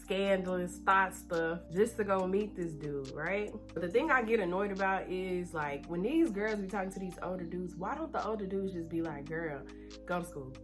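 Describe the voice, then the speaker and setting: A young woman from Texas telling a personal story while doing her makeup. She talks in an animated, chatty way and speeds up when she gets nervous. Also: fairly low pitch, moderate pace, hardly any pauses, music in the background. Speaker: beauty vlogger.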